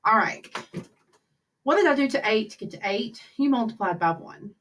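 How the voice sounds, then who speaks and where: A woman's voice: medium pitch, animated, normal speed, a bit bright. A woman teacher talking students through fraction problems in a recorded lesson, chatty and upbeat, thinking aloud as she works each step. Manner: chatty, upbeat, talks to kids while working problems aloud. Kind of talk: recorded math lesson over slides.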